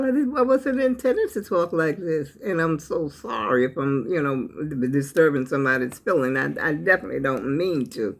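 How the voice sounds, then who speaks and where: An older woman with a drawl speaks straight to her viewers, and she sounds earnest and emotional. Her voice sits a little low. She preaches gently about family and keeps calling her listeners "y'all.". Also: animated, moderate pace, hardly any pauses. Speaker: channel host. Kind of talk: heartfelt talk to camera.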